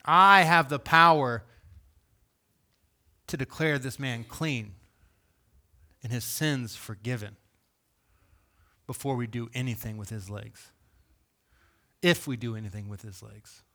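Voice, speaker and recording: A calm, authoritative teacher declaring boldly, as a male preacher speaks his part. The voice is bright and firm, close to the preacher's own. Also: mid-range voice, slow, long pauses, pitched below the performer's own voice.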